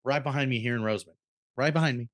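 Casting: mid-pitched man, relaxed co-host, crude and chatty, dry sound. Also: no room sound. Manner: laid-back, swearing, quick asides. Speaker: podcast co-host. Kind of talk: casual chat.

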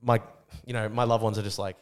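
Fast-talking young Australian man. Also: lowish voice, a crowd in the background. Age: young adult. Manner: rapid, profane, excitable retelling. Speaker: podcast guest. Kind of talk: casual storytelling.

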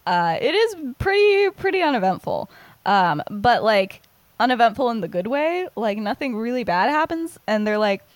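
A woman's voice: a little high, sing-song, no echo. A young woman co-hosting a podcast, recapping a story in casual chat, rambling with lots of "like". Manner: rambling, heavy use of "like", quick giggles. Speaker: podcast co-host.

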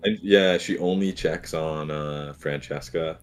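A man's voice: extremely low pitch, steady tone, a little slow. A man co-hosting a casual chat, speculating in a hesitant way with lots of fillers. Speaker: podcast co-host.

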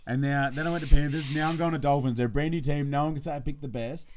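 A man's voice: a little high, steady tone, fast, darkish tone. A young Australian man co-hosting a podcast, telling stories and acting out the voices of the people in them. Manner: storytelling, acts out quoted voices. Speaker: podcast co-host. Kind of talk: casual chat.

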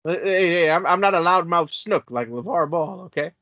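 A man's voice: fairly high pitch, moderate pace, pushed and bright, dry recording. A man co-hosting a podcast, bantering and defending himself with jokey protests. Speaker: podcast co-host. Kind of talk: casual banter. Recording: dry, dull lo-fi audio.

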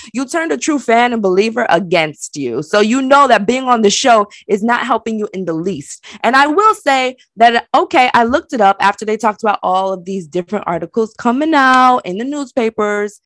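A woman co-hosting a casual recap chat, talking in a sassy, animated, slangy way. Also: fairly high pitch, dry recording. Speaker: podcast co-host.

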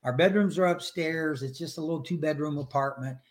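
A man's voice: a little high, a little fast. Earnest older man telling his testimony. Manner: earnest, emotional storytelling with acted-out prayers. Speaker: guest sharing his faith story. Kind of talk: personal testimony in a podcast interview.

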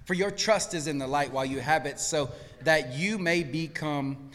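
A male pastor preaching a sermon, swinging between hushed lines and shouted peaks. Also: a little high, moderate pace, in a large hall. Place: church sanctuary.

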